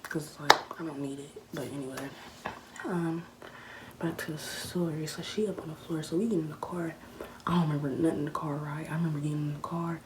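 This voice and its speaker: Low-voiced teen girl, hushed chatty storytelling. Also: fairly even intonation, brisk. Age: late teens. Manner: hushed, half-whispered narration; casual, chatty, talks straight to viewers. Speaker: vlogger telling a story. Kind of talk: casual storytime monologue. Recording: noisy background ambience.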